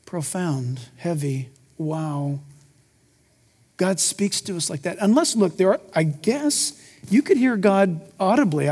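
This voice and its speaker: A male pastor preaching a sermon, swinging from booming emphasis to hushed, intimate asides. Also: in a large hall.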